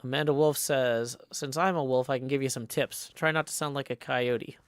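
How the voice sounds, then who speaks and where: A man livestreaming in casual chat, reading viewer messages aloud and rambling with many pauses and restarts. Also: medium pitch, fairly even intonation, clean tone, no room sound. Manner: hesitant and rambling, many ums and restarts, tries out playful howls.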